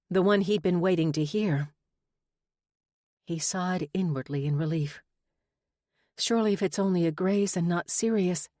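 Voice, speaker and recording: A woman narrating a romance audiobook in a measured, expressive reading. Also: lowish voice, no room sound, studio quality. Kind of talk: scripted narration.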